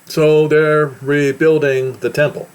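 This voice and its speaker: A man's voice: fairly high pitch, level tone, takes it slowly, clear, resonant tone. A man with an American accent giving an emphatic, preaching commentary on news and scripture. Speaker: religious commentator.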